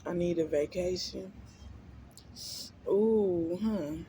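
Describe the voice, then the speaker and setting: A mukbang vlogger, a woman with a mellow, lowish voice, chats casually and slowly with her viewers between bites. She hums and smacks her lips as she eats in this easygoing eating vlog, with slight background noise behind her.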